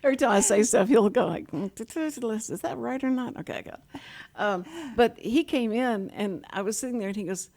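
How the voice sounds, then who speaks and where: A woman's voice: a little high, a little fast. A middle-aged woman, a sign language interpreter, telling stories in casual chat and acting out quoted voices with laughter. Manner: animated, acts out quotes with laughter.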